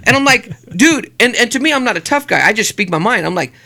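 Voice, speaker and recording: A man's voice: high-pitched, quick pace, vocal fry. A middle-aged man co-hosting a podcast, telling stories and ranting in casual chat with lots of swearing. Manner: profane, animated storytelling, rants. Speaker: podcast co-host.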